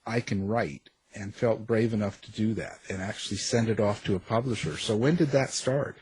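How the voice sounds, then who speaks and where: A man's voice: fairly low pitch, brisk, darkish tone, slight background noise, poor audio. A man hosting a radio show, chatting loosely and joking with his guest. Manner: jokey, rambling. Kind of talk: casual radio chat. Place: Boston area.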